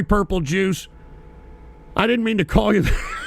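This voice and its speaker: A man hosting a livestream, ranting angrily about politics and cursing at viewers who donate, often shouting. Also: high-pitched, huge pitch swings, a little slow, vocal fry. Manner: profane, ranting, frequently shouting. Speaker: livestream host. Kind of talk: angry political rant, reading donations.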